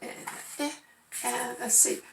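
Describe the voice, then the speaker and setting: A woman's voice: a little high, little pitch movement, drawn-out words, vocal fry, a little hiss or hum. A woman teaching first graders phonics, patiently sounding out letters and syllables. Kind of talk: remote phonics lesson. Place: home. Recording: echoey room.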